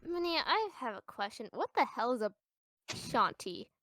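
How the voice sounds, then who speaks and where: A man's voice: extremely high pitch, sing-song, normal speed, pushed and bright, dry recording, voice pushed up, heavily acted. A man voicing a curious, eager young woman adventurer who asks wide-eyed questions. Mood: puzzled.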